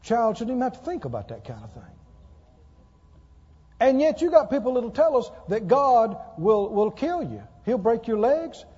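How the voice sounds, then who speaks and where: A man preaching a sermon to a congregation, emphatic, repeating lines slowly for stress and asking the people questions. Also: very high-pitched, big pitch swings, mellow, slightly rough. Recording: dull lo-fi sound with long hall reverb.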